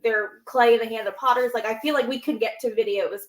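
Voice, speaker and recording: A woman with a slightly high voice co-hosts a casual chat, recounting scenes with animated excitement. Her voice carries a noticeable roomy echo. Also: a little fast. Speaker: podcast co-host.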